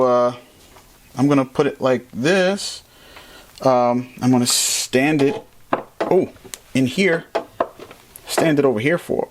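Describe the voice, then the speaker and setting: A man casually reviewing and setting up a microphone in a playful, animated, jokey way. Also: mid-range voice. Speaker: tech reviewer. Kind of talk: casual product review vlog.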